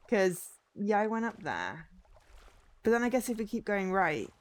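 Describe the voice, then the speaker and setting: A woman's voice: medium pitch, big pitch swings, moderate pace, no echo. A young woman chatting casually as she streams a game, musing aloud and answering her chat. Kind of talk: casual gameplay commentary.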